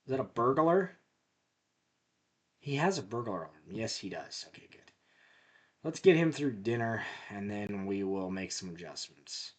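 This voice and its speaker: A man's voice: fairly low pitch, animated. Man muttering offhand game commentary. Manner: rambling, offhand, muttering asides; deliberately talking louder than usual. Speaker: gameplay video host. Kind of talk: casual gameplay commentary.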